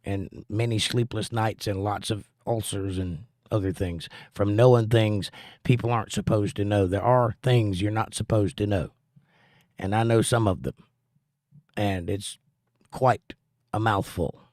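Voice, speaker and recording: Earnest low-voiced American man teaching. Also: fairly even intonation, measured pace, a little mellow, no echo, studio quality. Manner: plainspoken, earnest, preacherly. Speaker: livestream host and Bible teacher. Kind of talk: casual chat and Bible teaching.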